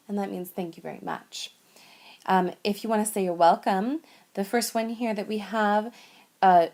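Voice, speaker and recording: A woman teaching basic French phrases in a whiteboard lesson, speaking slowly and patiently and repeating each phrase for the learner. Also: medium pitch, warm tone.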